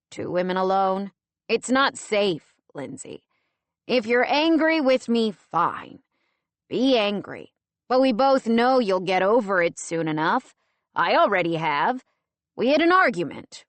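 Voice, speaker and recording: A woman's voice: medium pitch, sing-song, a little slow, no echo. Woman reading a pressing, worried boyfriend. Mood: insistent. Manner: pressing, then gently pleading. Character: insistent grown man, a worried boyfriend.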